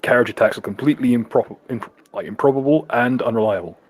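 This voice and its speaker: A man's voice: mid-range voice, fast. A man narrating a tabletop game as game master, laughing and swearing as he stumbles over words.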